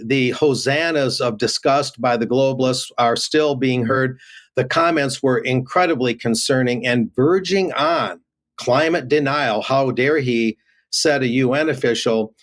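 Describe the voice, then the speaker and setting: A man giving remote news commentary, reading headlines aloud with many fillers and restarts. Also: medium pitch.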